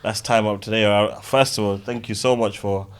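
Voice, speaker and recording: A man hosting a casual podcast, warmly thanking his guests and wrapping up the show. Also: on the low side, steady tone, moderate pace, clean tone. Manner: friendly, thanking guests at length. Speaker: podcast host.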